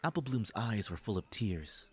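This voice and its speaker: A man's voice: lowish voice, big pitch swings, normal speed, darkish tone. A man reading scripted story narration with a wry storybook delivery.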